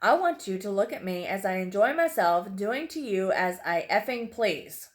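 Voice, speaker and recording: A woman's voice: mid-range voice, lively intonation, normal speed, lightly acted. A woman voicing a sadistic male captor who taunts and threatens his prisoner in a horror story reading. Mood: menacing. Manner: taunting, menacing, mocking. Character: sadistic mocking male captor, cruel and calm.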